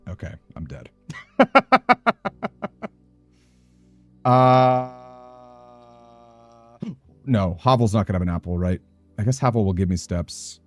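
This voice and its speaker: Faint music plays behind a deep-voiced gaming streamer as he thinks aloud, muttering nervously about his next moves. He keeps a moderate pace and pauses often in this let's play commentary.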